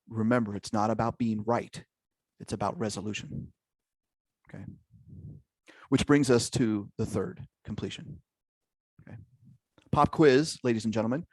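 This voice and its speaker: A man's voice: lowish voice, dry recording. A man leading an interactive online workshop over a video call, engaging his audience and checking in with frequent questions. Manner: engaging, peppers talk with "okay?" and "right?". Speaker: workshop leader.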